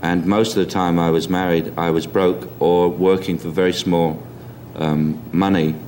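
A man with a Cockney accent, reflecting in an interview and pausing with many ums. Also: sits low, little pitch movement, a little mellow, a little hiss or hum. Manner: hesitant, many ums and restarts. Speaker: interview guest.

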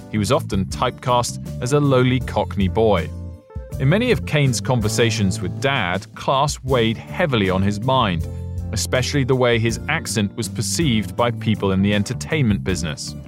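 A man reading scripted documentary narration in a measured, even storytelling manner. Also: medium pitch. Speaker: podcast narrator. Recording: narration over guitar music.

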